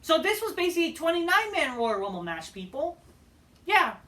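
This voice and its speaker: A woman's voice: extremely high pitch, very animated, a little fast, fairly bright tone, distant mic. A woman giving a heated, profane ranting review as a wrestling show host.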